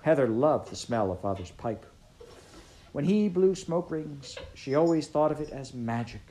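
A woman narrating a storybook in an expressive, measured way. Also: deep voice, a little hiss or hum, rough recording. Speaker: audiobook reader.

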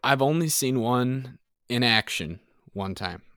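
A man's voice: medium pitch, animated, takes it slowly, a bit bright, no echo. A young man chatting casually as a podcast guest. He is easygoing and gives short replies. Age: young adult. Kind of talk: casual chat.

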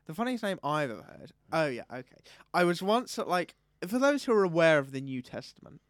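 A young man co-hosting a casual podcast chat, telling animated stories and breaking into loud comic impressions. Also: fairly high pitch, a little fast, no echo, studio quality. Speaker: podcast co-host. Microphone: studio microphone.

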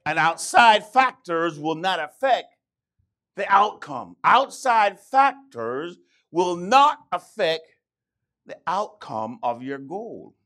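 Lively, emphatic male preacher. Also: a little high. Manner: emphatic, repeats key phrases, stammering restarts. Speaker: pastor. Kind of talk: sermon.

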